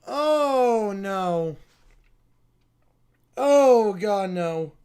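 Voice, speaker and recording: A man with a notably high speaking voice hosts a casual livestream, tossing out incredulous comments between readings. His talk is loose and conversational. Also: lively intonation, extremely slow, darkish tone, clean tone. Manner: incredulous, laughing asides. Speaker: livestream host. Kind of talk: casual live reaction chat.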